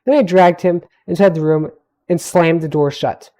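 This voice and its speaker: A man's voice: fairly high pitch, moderate pace, mellow. A young man reads his own fantasy tale aloud on a home stream, speaking into a desk mic. He trips over words, backs up to correct himself, and breaks off for small asides. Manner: stumbling, self-correcting reading with asides. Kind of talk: live read-through of a fantasy story.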